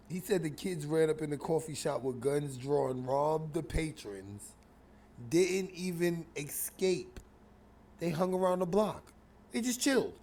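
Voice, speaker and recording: A man hosting a casual commentary show, reacting to a clip with mocking, animated talk that swings between loud bursts and mumbles. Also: fairly high pitch.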